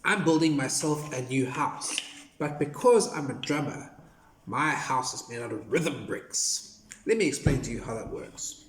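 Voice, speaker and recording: A man leading a children's music lesson, playful and animated, counting and chanting rhythms to clap along to. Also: mid-range voice, measured pace. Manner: playful, animated, sing-song counting and clapping. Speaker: music teacher for young children. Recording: echoey room with background noise.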